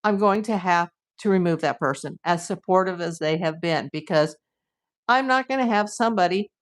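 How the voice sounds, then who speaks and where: A woman's voice: lowish voice, moderate pace. A woman hosting her own livestream, talking casually and bluntly, acting out what her commenters say and laughing easily between points. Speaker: livestream host.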